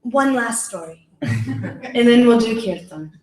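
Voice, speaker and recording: A kirtan leader with a slightly high voice tells a personal story slowly in a yoga center hall, where the room echoes. She's animated, acting out the voices she quotes and laughing often.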